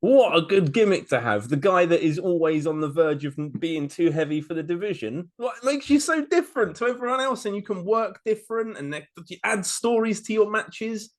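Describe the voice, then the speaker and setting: A man's voice: sits high, moderate pace, hardly any pauses. A man co-hosting a podcast, chatting animatedly, laughing often and swearing casually. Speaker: podcast co-host. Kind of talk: casual wrestling review chat.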